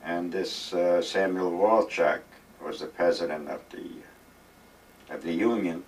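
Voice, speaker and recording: Being interviewed at home in a retirement village, an older man reminisces, rambling and emphatic, performing the dialogue from his past stories. His voice is low, slow and fairly even in intonation, captured far from the mic in a low-quality recording with slight background noise.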